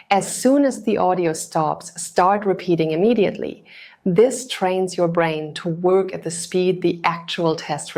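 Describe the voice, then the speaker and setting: Female tutor, lowish voice, scripted narration, steady and instructional. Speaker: TOEFL tutor.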